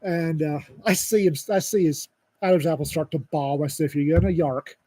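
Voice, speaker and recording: A man with a husky, somewhat high voice co-hosts a podcast. He tells a story in a dry, wisecracking way. The sound is dry and close. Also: steady tone, moderate pace, warm tone, no room sound. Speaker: podcast co-host. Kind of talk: casual storytelling chat.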